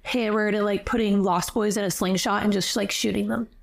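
A young woman chatting through a book recap with her co-host. She tells the story in a breezy, loose way, full of "like", in a voice of ordinary pitch. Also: fairly even intonation, brisk, vocal fry. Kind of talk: casual chat recapping a book.

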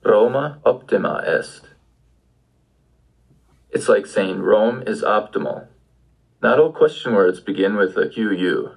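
A man's voice: on the low side, vocal fry, husky, poor audio. A man giving an audio language lesson, patiently prompting the listener with questions. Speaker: language teacher.

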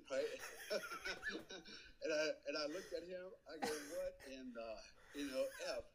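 A middle-aged man telling stories casually as a podcast guest, animated and swearing freely as he acts out the people he quotes. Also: medium pitch, normal speed, a little hiss or hum, rough recording. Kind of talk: casual storytelling.

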